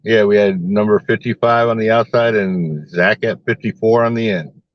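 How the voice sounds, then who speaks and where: A man calmly talks through his picks as a guest on a sports podcast. His voice is fairly low and measured. The sound is dull and dry, like a lo-fi remote line. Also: no room sound. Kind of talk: casual sports podcast chat.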